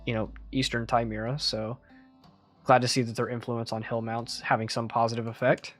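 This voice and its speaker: A man's voice: medium pitch, flat delivery, voice pushed down, close to an everyday voice. A man voicing a polite, apologetic young male student from a church, in a tabletop game with guitar music behind. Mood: friendly. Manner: apologetic, friendly, slightly halting.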